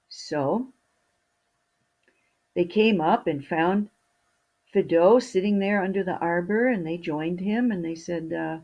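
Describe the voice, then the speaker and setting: A woman storyteller telling a fairy tale to children in a slow, expressive way. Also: lowish voice, dull audio.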